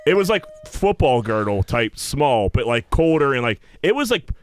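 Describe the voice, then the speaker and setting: A man's voice: mid-range voice, very animated, moderate pace. A young man, co-hosting a podcast and animatedly telling crude personal stories through bursts of laughter. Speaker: podcast co-host. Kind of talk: casual podcast chat.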